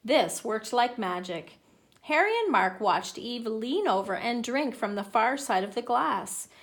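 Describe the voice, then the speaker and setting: Lady reading a kids' book, slow and very sing-songy, kinda high. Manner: animated, playful. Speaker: children's book reader. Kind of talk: children's story read-aloud.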